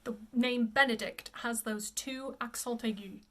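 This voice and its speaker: A fairly high-pitched woman teaching pronunciation as a voice coach. She sounds out each word with care, slowing down and saying it again so the listener can copy it. The tone is plain and instructive. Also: fairly even intonation, a bit bright. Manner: models each word slowly and repeats it. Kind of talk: pronunciation lesson.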